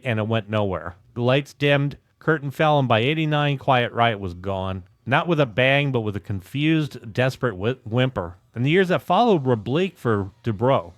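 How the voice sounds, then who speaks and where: A man's voice: medium pitch, no echo, clean studio sound. A man narrating a music history story in a punchy, dramatic and slangy way, with a few profanities. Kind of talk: scripted documentary narration.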